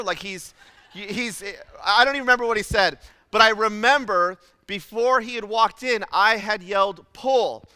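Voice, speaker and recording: A man preaching a sermon as pastor, telling a childhood story in an animated, self-deprecating way with lots of fillers. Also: sits high, clean tone, no room sound, big-room sound. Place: church auditorium.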